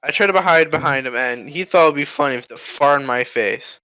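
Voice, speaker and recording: Teen podcast co-host, bright tone, a bit high, loose storyteller. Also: male voice, fairly quick, no echo, poor audio. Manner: rambling, laughs often, acts out quoted voices. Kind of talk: casual storytelling with friends.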